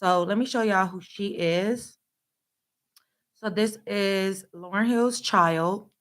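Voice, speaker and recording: A woman's voice: mid-range voice, slow pace, a bit bright. A young adult woman hosting casual commentary, blunt and sassy, talking back at the clips she plays. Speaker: host.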